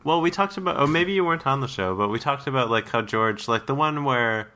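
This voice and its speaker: Lively bright-voiced man chatting. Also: medium pitch, fairly quick. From Canada. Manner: animated, laughs often. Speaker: podcast co-host. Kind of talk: casual chat.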